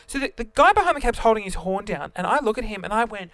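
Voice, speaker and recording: A young man, a vlogger, tells a story to camera in an animated, self-mocking way, his voice swinging between loud and quiet. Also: sits high, fast talker, few pauses, dry recording.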